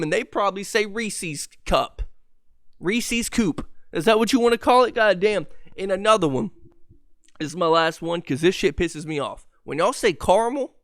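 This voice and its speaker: A man's voice: high voice, fairly bright tone, no room sound, clean studio sound. Ranting man with a lisp. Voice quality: lisp and stutter. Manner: profane, exasperated ranting with laughs and restarts. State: voice going hoarse. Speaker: podcast host. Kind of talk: solo podcast rant.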